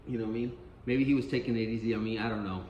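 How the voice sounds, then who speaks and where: A man's voice: lowish voice, fairly even intonation, rapid-fire, darkish tone, slight background noise. A man telling a street story in a casual, rambling and profane way, often repeating himself. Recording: roomy echo, faint ambience.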